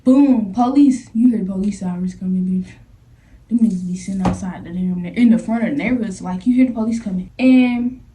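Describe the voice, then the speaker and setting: A young woman in a casual storytime vlog, animated and slangy, acting out the scenes as she talks. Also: medium pitch, fairly quick, a little hiss or hum. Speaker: vlogger. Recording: echoey room, voice from a distance.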